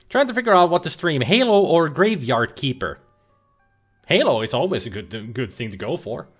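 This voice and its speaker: Chatty male streamer with a lively voice. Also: fairly high pitch, normal speed. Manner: chatty, rambling, with frequent fillers and restarts. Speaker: game streamer. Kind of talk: casual livestream commentary. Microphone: webcam and laptop setup.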